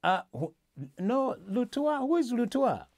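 A man's voice: very high voice, sing-song, unhurried, a little mellow. A male host in a casual political discussion, talking with many restarts and fillers.

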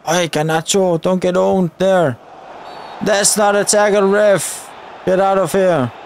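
A young man giving live commentary over a football video game, shouting at the referee in frustrated outbursts. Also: high-pitched, steady tone, takes it slowly, gravelly, slight background noise. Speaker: gaming YouTuber.

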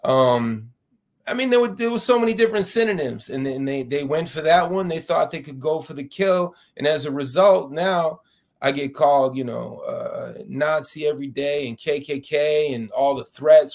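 A man's voice: on the high side, moderate pace, a little mellow. Impassioned man, New York accent. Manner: many restarts, rising intensity when indignant. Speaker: fired professor, guest. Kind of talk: interview, impassioned argument.

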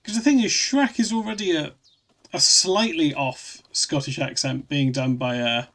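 Gravelly man chatting on stream. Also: a little high, normal speed, fairly bright tone. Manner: rambling, restarts often, reads chat aloud. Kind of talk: casual live-stream chat.

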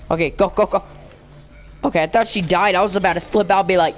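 A young man hosting a let's play, rambling with lots of fillers and bursting into yelling at the game. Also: high-pitched, moderate pace, soft background music. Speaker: gaming channel host.

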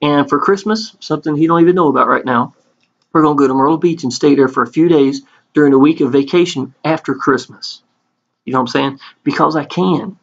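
A man's voice: a little high, fairly quick. Folksy man with a dull lo-fi sound. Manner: earnest and folksy, calls out to viewers again and again. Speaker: network marketing promoter. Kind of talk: casual sales pitch over a screen tour. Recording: dull lo-fi recording.

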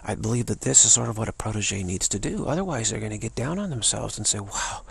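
A man's voice: on the low side, lively intonation, fast, a little hiss or hum. A man giving a rambling, casual spoken talk as a teacher, stammering and restarting often. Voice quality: gravelly, raspy voice. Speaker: spiritual teacher.

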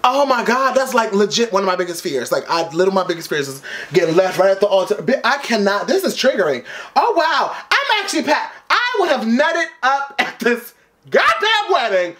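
High-voiced, dramatic, sassy man. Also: very animated, normal speed. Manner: dramatic, sassy and loud, full of slang. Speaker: YouTube reaction host. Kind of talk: music video reaction. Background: faint music from the video.

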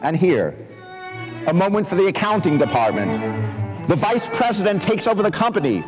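An animated man lectures students from the front of a large hall, his voice swooping up and down as he scats rhythms and reads lines of verse aloud. The hall's long reverb trails his words, with faint piano music now and then. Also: high-pitched, moderate pace. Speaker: composer giving a talk to students. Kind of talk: lively lecture with sung and spoken musical demonstrations.

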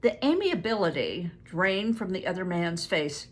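An older woman reading a book aloud to family, pausing to explain words and stumbling over hard names. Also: lowish voice, very animated, breathy edge. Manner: stops to explain words and events.

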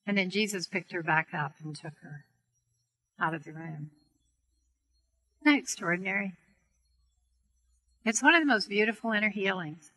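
A middle-aged woman teaches on healing prayer through a gentle, earnest story. Her voice is bright and a little breathy, and she softens it for the quoted lines. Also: medium pitch, rough recording. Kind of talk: storytelling talk to a seminar audience.

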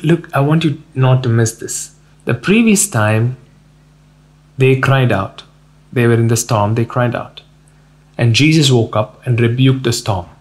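A male pastor preaching a sermon, retelling scripture with lively quoted lines. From India. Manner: storytelling, rises high for quoted lines, laughs. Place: church.

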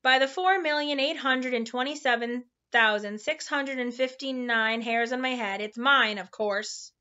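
A boastful, booming wizard of numbers from a storybook, as a woman reading aloud puts him on. He sounds grand and pleased with himself, a bit higher than you'd expect, on a dull lo-fi mic. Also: expressive, unhurried. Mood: proud. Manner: loud and proud. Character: boastful, booming male math magician.

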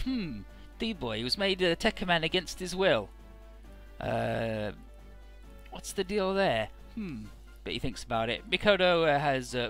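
A man's voice: medium pitch, pushed and bright. A young man casually recapping a video game's story, rambling and irreverent, with many uhs. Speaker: let's play narrator.

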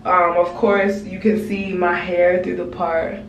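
A young woman with a stuffy nose and a slightly hoarse voice, chatting candidly and poking fun at herself while doing her hair. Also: fairly low pitch, little pitch movement, unhurried, reverberant, distant mic, slight background noise. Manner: chatty, candid, self-mocking. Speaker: beauty vlogger. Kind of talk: casual hair tutorial vlog.

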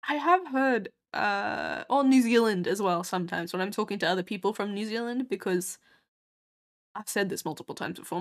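An Australian woman with a medium-pitched voice plays a game on stream, offering casual, giggly commentary and reading the game's lines aloud.

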